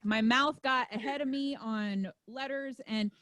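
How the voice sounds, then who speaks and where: A woman's voice: high-pitched, fairly even intonation, unhurried, heavy background noise. A woman hosting a stand-up comedy show, joking brashly and hyping up the crowd between acts.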